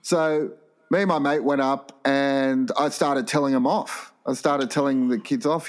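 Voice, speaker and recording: A man's voice: medium pitch, moderate pace. An Australian man telling a comic story on a podcast, animatedly acting out the people in it. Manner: animated, acts out characters in the story. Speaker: podcast co-host.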